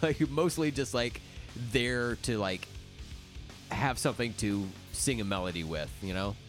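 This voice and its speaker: Dry, sarcastic podcast co-host. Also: male voice, lowish voice, measured pace, soft background music. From Oklahoma. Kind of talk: casual chat.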